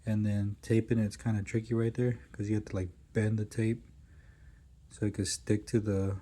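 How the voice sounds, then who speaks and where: A man's voice: lowish voice, little pitch movement, moderate pace, dark tone. A man narrating his caulking work in a laid-back, casual way, swearing often as he goes, recorded on smart glasses. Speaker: caulking tradesman.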